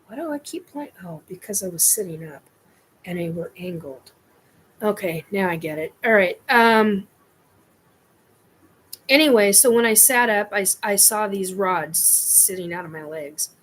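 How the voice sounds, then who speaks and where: A woman's voice: medium pitch, expressive, a little slow, a bit bright, slightly rough. A woman hosting her own show, telling a personal experience in a scattered, rambling way. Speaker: host.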